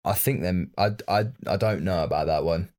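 A man's voice: low-pitched, normal speed, a little mellow. A man co-hosting a podcast, bantering bluntly and swearing freely in casual chat. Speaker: podcast co-host.

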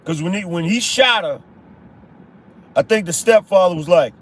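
High-pitched blunt male podcast host. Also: animated, normal speed. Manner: blunt, emphatic, repeats rhetorical questions; casual slang, swears. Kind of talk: conservative opinion commentary.

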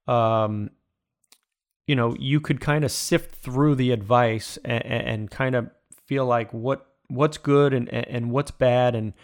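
A man with a gravelly, fry-edged voice answers interview questions as a baseball coach. He talks earnestly and repeats words while he works out his point. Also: medium pitch. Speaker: baseball coach and former player.

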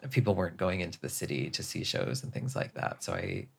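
Interview guest, man in his thirties, low gravelly voice, chatty and reflective. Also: very animated, a little fast, a bit bright. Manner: chatty, reflective, self-deprecating asides. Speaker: interview guest, drag performer. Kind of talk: casual conversational interview.

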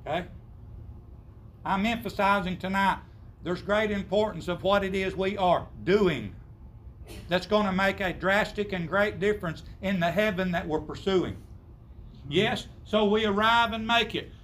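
Male preacher, high-pitched, emphatic sermon delivery with rhetorical questions. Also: measured pace, a bit bright, slight background noise. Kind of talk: sermon to a congregation.

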